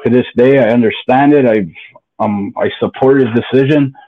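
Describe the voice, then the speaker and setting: A man's voice: medium pitch, normal speed. A man telling his own story as a podcast guest, candid, blunt and profane, often rambling. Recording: phone-like narrow line.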